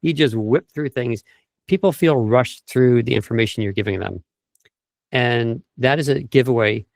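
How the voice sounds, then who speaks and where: A man's voice: medium pitch, moderate pace, vocal fry, no echo. Man coaching on voice, dry close sound. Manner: explanatory, lists tips, demonstrates speech habits. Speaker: vocal coach guest. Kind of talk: interview over video call. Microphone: video call.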